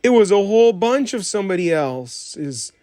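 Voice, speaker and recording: A man narrating a children's storybook audiobook in a measured, plain reading. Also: high-pitched, very animated, mellow, no echo. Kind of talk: storybook read-aloud narration.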